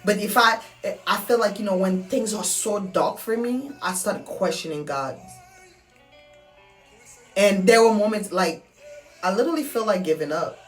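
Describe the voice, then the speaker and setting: Earnest woman with soft music behind. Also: mid-range voice, moderate pace, pauses often. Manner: earnest, repetitive, heartfelt. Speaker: vlogger. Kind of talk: personal motivational monologue. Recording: soft music underneath, mic at a distance.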